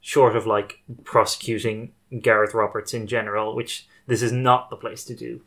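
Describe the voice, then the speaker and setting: A man's voice: on the low side, flat delivery, normal speed, creaky, fairly bright tone. A man hosting a podcast, chatting casually about a TV episode in a thoughtful, wry way that often corrects itself mid-sentence. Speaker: podcast host. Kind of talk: casual review chat.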